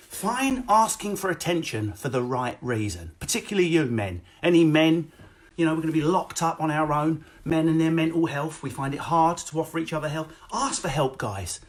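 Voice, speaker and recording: A male comedian, ranting through a streamed stand-up set with a slightly high voice. He swings from loud, sweary bursts to quick asides and low mutters. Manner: loud, sweary, rapid comic rant with sudden drops to mutters. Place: at home, no audience.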